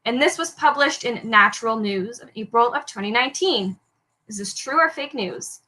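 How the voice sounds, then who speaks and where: A high-pitched young woman with a bright, forceful tone hosts a trivia round. She reads each headline aloud with upbeat energy and laughs off her small slips with quick apologies. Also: lively intonation, poor audio. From Canada. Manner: upbeat, apologetic over slips, lightly joking. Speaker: trivia host. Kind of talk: reading quiz headlines aloud.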